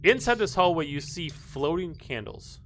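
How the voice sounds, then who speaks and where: A man acting as game master, describing scenes and calling for dice checks in a loose, relaxed way. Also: a little high, moderate pace, slight background noise. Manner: relaxed, loose narration with fillers.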